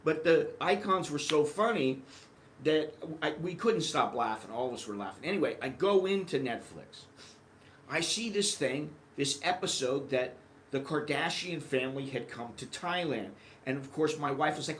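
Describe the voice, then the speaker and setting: A man from the United States telling rambling, animated anecdotes in a casual vlog monologue. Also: fairly high pitch, normal speed, slight background noise. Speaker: vlogger.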